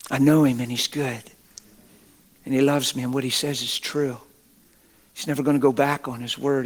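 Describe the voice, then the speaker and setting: A middle-aged man preaching a sermon as a pastor, exuberant and folksy, breaking into laughter. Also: medium pitch.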